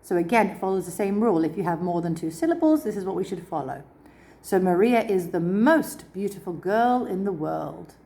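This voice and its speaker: A woman's voice: on the low side, lively intonation, a little fast, creaky, warm tone. A woman teaching an English grammar lesson, patiently spelling out word endings letter by letter.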